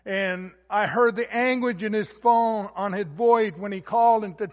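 A man with a very high voice preaches a sermon from a church hall, where a long echo hangs behind his words. He talks earnestly as a pastor, stumbling into fillers and restarts, his loudness rising and falling. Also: unhurried, few pauses.

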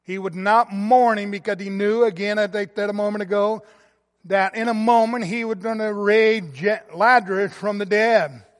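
A man preaching a sermon as pastor, earnest, swelling loud and then dropping quiet. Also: high voice, fairly even intonation, moderate pace, big-room sound.

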